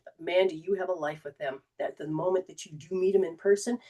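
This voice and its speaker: A woman's voice: fairly low pitch, quick pace, warm tone, dull audio. A woman hosting a livestreamed spiritual talk as a metaphysical teacher, rambling and repeating herself and acting out the voices she quotes. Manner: rambling, repetitive phrasing, acts out quoted voices. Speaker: metaphysical teacher and show host.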